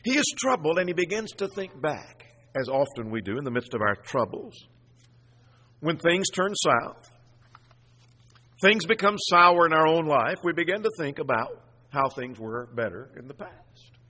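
A man preaching from the pulpit, his voice pitched high with a husky edge. He climbs to loud, forceful bursts when he reads scripture aloud. The sound carries a long reverb, as in a large hall. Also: very animated, moderate pace. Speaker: pastor. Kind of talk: sermon.

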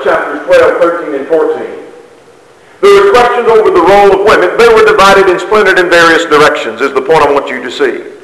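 A man preaching a sermon to a congregation, measured and emphatic, repeating key phrases. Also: sits high, fairly bright tone. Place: church hall. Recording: echoey hall, distant mic.

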